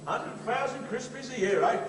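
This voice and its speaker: A man's voice: very high voice, normal speed, a crowd in the background. A man playing a cheeky Cockney chancer. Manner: cheeky, jokey banter. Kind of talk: live stage musical dialogue. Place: theatre stage. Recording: echoey theatre from far off, noisy.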